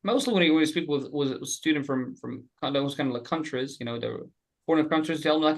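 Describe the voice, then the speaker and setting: A man teaching an online group class, animated and repeating letters slowly for his students. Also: fairly high pitch. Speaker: Quran recitation teacher. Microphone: webcam.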